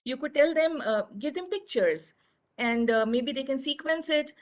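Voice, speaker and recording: A woman teacher with an Indian English accent explaining her teaching methods to fellow teachers, pausing often with fillers. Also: high voice, lively intonation. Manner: hesitant, many fillers. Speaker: teacher presenting at a workshop.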